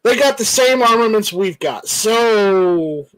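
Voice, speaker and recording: A man with a high-pitched voice hosts a casual stream, reading out chat comments and going off on joking tangents. The sound is dry and close, with no room around it. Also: lively intonation, slow pace, a bit bright, dry recording, low-quality recording. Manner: rambling, joking, reads viewer comments aloud. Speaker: livestream host reading chat.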